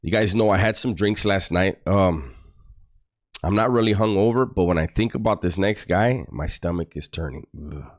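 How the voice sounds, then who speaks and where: A man telling profane, animated stories about prison to his online audience. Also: on the low side, normal speed. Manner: animated, profane, mock-disgusted storytelling. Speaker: YouTuber recounting prison stories. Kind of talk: casual storytelling to a livestream audience.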